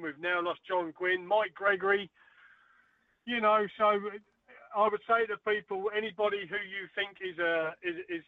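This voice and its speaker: A man's voice: sits high, dry recording. A man, a former darts player, telling stories as a guest on a phone-in radio interview, with many fillers and restarts. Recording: tinny phone line, dry.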